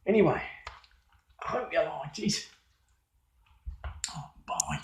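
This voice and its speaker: A man's voice: fairly high pitch, huge pitch swings, slow pace. An older man with a Brummie accent, casually narrating over old pictures he sent in as a video. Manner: chatty, reminiscing. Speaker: viewer sending in a video.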